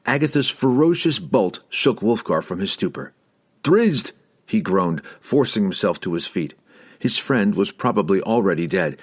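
A man reads a fantasy novel aloud in a somewhat low voice. His narration is dramatic and lifts on tense moments. It is a scripted audiobook reading.

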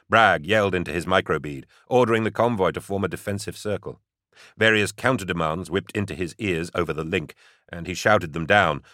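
A man narrating an audiobook in steady, measured storytelling. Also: deep voice, no room sound, studio quality. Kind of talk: scripted narration.

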